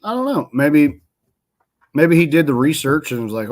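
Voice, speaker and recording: A man's voice: fairly high pitch, big pitch swings, moderate pace. Rambling man recapping wrestling results. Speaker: podcast co-host. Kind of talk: casual chat about wrestling.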